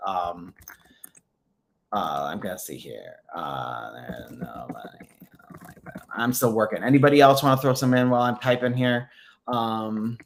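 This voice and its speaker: Hosting a spiritual direction livestream, a man with a medium-pitched voice reads viewer comments aloud in a casual, chatty way. He uses lots of filler words and keeps his encouragement upbeat.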